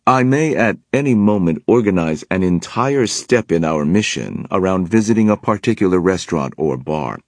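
A man's voice: deep voice, animated, moderate pace, hardly any pauses, no room sound, studio quality. A man voicing a flamboyant male warlock who loves his meals, speaking in a grand, emphatic way.

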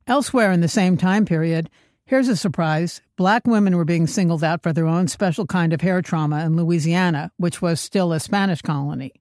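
A woman's voice: lowish voice, moderate pace, a little mellow, no echo. Woman, wry comedic narration, sarcastic asides, dry close recording. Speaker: comedic host.

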